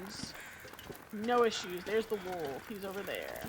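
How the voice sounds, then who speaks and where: A woman's voice: mid-range voice, wildly swooping pitch, measured pace, noisy background. A woman streaming a survival game, talking casually, joking and swearing freely. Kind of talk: casual gameplay commentary.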